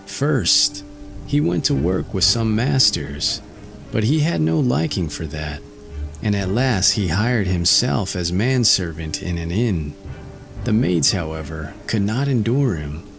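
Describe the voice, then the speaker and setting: Slow, gravelly male storyteller. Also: fairly low pitch. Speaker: audiobook narrator. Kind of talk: scripted fairy tale narration.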